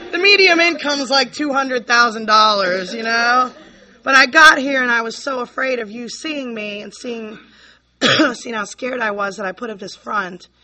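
Woman, bright voice, candid, rambling, "you know, like", recovery share, sharp tone. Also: a little high, moderate pace. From Virginia, USA. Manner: candid, rambling, full of "you know, like", laughing and near tears. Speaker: speaker at a recovery convention. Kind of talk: personal recovery share to an audience.

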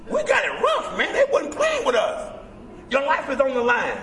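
A man giving an impassioned, preacherly share as a convention speaker, emphatic and at times shouting. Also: very high voice, wildly swooping pitch, moderate pace, vocal fry, a little hiss or hum. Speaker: guest speaker at a recovery convention. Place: large indoor convention hall. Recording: echoey hall, from far off.

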